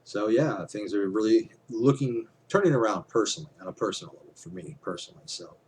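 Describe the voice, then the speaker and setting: A man's voice: fairly low pitch, lively intonation, brisk, a little mellow, slight background noise. A man talking casually to his camera, rambling with lots of fillers and casual swearing. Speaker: vlogger.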